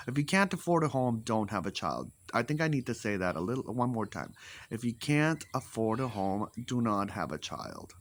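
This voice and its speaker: A man giving blunt opinions in a casual monologue, animated, swearing freely and repeating his points for emphasis. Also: fairly low pitch.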